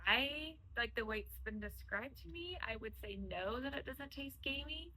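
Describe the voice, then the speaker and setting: A woman's voice: high-pitched, lively intonation, normal speed, pushed and bright, husky, rough recording. A young woman chatting casually with her husband, full of "like" and "um" fillers. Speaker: guest, host's wife. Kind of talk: casual conversation.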